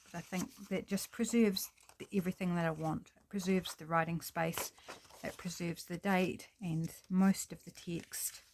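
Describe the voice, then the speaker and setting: A woman's voice: fairly low pitch, fairly even intonation, moderate pace, a little mellow, a little hiss or hum. A woman hosting a casual crafting tutorial at her table, thinking aloud and apologizing with self-deprecating chatter as she works. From New Zealand.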